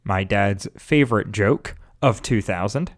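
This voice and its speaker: A young man co-hosting a casual podcast chat, talking in halting stops and restarts with dry jokes. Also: on the low side. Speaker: podcast co-host.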